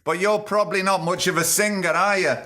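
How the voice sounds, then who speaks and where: A podcast host talks in a wry, rambling way, full of ums, in a fairly high and very bright voice. He plays along deadpan with his comic guest. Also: brisk. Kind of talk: comedy podcast monologue.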